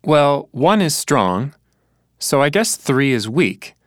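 A man talks through a scripted teaching dialogue at an unhurried pace. He pronounces each word with care, and his voice rises and falls expressively. The recording is dry and close. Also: mid-range voice, very animated, dry recording. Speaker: language learner in a dialogue.

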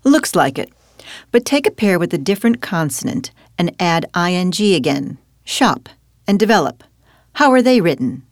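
A woman's voice: on the low side, big pitch swings, moderate pace, no room sound, clean studio sound. A woman teaching spelling in a scripted dialogue, guiding her partner patiently with questions. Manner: patient, questioning, guides with prompts. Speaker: language teacher.

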